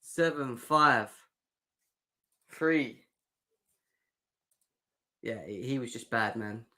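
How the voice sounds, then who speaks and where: A man's voice: medium pitch, extremely slow, sharp tone. A young man hosting a fan livestream, chatting sarcastically and reacting to comments from the chat. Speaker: fan show host.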